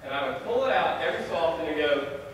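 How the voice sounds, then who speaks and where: A young man telling a self-deprecating, animated story as a chapel speaker. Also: on the high side, fast talker, noisy background. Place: large hall. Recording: echoey hall from far off.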